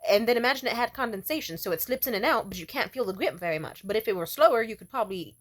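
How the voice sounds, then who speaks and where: A woman's voice: fairly high pitch, lively intonation, racing. A young woman vlogging to camera, telling a story casually in a brash, profane way, breaking into laughter often.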